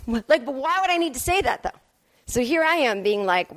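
On her solo podcast, a woman comic rambles through a story, mocking herself with plenty of sarcasm. She speaks on the high side, expressively and at a quick pace, through a podcast mic with no echo.

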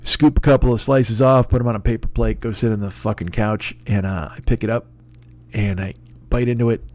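A man's voice: lowish voice, steady tone, brisk, a little mellow. A man in a casual podcast monologue, telling an exasperated, profane story and acting out both sides of the conversation. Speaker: podcast host.

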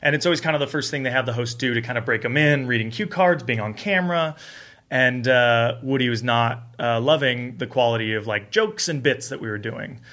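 A man in casual conversation as a guest director, telling animated stories and acting out what people said. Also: mid-range voice, a little fast. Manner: animated storyteller who acts out quotes.

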